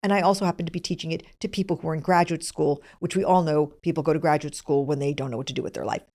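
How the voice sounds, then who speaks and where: A woman's voice: sits low, fairly even intonation, rapid-fire, mellow. A middle-aged woman who hosts the show, telling a personal story in a candid, self-deprecating way. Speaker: host.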